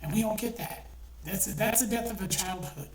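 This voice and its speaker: Angry and swearing, a middle-aged woman repeats herself through a heated online rant. Her pitch is medium and her speed normal, and she's recorded at a distance in an echoey space with slight noise.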